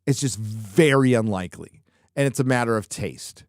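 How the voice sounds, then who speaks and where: A man's voice: medium pitch, normal speed, no echo, clean studio sound. A man hosting a live show, chatting casually and rambling through viewer questions with lots of swearing and jokes. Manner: profane, rambling, joking. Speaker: live show host answering viewer chat. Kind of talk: casual live-stream chat.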